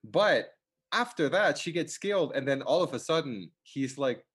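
A man co-hosting a casual film chat, talking haltingly with restarts and sighs, swearing now and then. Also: fairly high pitch, expressive, fairly bright tone, husky. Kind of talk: casual movie review chat.

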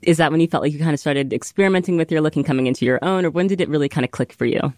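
A woman's voice: sits low, racing, darkish tone, no echo, studio quality. A woman hosting a casual chat, enthusiastic and gushing over her guest. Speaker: host.

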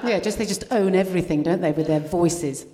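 Casual: woman comic riffing fast and jokey, lots of background noise. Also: on the low side. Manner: quick, jokey storytelling. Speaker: comedian guest. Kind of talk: live comedy podcast chat.

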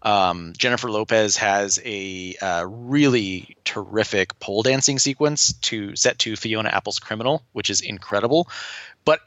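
Bright-toned male film podcaster. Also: fairly low pitch, dry recording, highs cut off. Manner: enthusiastic, quick reviewing. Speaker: podcast co-host. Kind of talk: casual chat.

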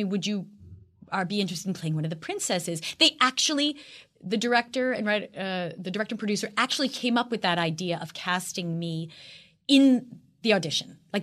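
Middle-aged actress guest, chatty and bubbly, rambles on with lots of ums. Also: female voice, medium pitch, fairly bright tone. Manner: bubbly, rambling with many fillers and restarts. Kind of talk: casual interview chat.

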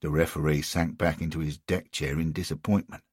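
A man narrating a scripted comic story in a wry, expressive way. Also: extremely low pitch, fairly quick, breathy edge, no room sound, studio quality.

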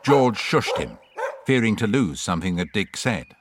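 A man narrating a children's adventure story in an expressive way. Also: on the low side, moderate pace, heavy background noise. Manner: lively, expressive.

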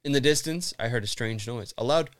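A man's voice: mid-range voice, fairly quick, dry recording. Laughing, swearing podcast host man. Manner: laughs often, crude swearing, restarts while reading. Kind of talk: casual chat, reading an article aloud.

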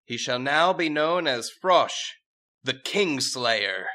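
Man playing a teen princess in a comedy story: raised pitch, loud, bright, pompous royal decrees. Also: lively intonation, slow. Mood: regal decree. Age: 14 (figure). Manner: pompous decrees, crude outbursts. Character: rebellious teenage princess, brash and regal.

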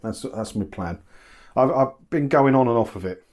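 Chatting from the kitchen of his home, a middle-aged YouTube channel host goes through viewer comments with frequent laughter and self-mocking humour. He speaks at medium pitch and a moderate pace, animated and slightly mellow.

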